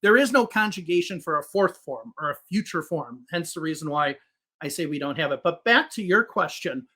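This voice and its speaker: A man's voice: a little high, lively intonation, fairly quick, sharp tone. A man who is a native English speaker and works as an English teacher, patiently explaining grammar with spoken examples in a podcast conversation.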